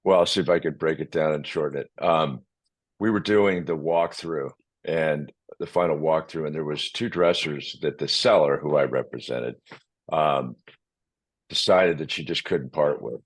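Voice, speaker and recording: A man, a real estate agent, telling a story in casual conversation, animated and acting out the people he quotes. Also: a bass voice, normal speed, slightly rough. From Hawaii.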